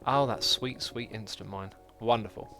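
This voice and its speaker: A man's voice: fairly low pitch, fairly even intonation, normal speed, a bit bright, faint music behind. A man hosting a game livestream, chatting casually, reading viewer comments aloud and joking at his own expense. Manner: chatty, reads viewer comments aloud, self-deprecating jokes. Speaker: livestreaming gamer host.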